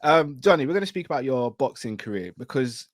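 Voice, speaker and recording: A man hosting a sit-down interview, with a medium pitch and a dry, close-miked sound. He asks questions and keeps the talk moving with short, encouraging replies and laughs. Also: animated, a little fast, no echo. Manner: brief encouraging reactions, laughs along. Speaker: interview host.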